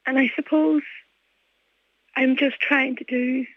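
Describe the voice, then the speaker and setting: A woman's voice: high voice, level tone, dry recording. Donegal mother on a tinny phone line. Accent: Donegal Irish. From Ireland. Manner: earnest, halting, many restarts. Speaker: guest, mother. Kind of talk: emotional phone interview.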